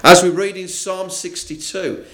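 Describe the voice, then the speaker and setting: A man preaching a morning sermon, reading scripture and speaking with deliberate emphasis. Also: high-pitched, fairly even intonation, bright, forceful tone. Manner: slow, deliberate, with rising and falling emphasis.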